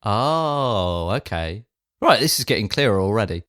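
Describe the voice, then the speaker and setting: Breezy, animated man, dry sound. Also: lowish voice, unhurried, clean tone, no echo. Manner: breezy, dismissive, gently sarcastic. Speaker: comedy podcast co-host. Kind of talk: improvised comedy audio drama.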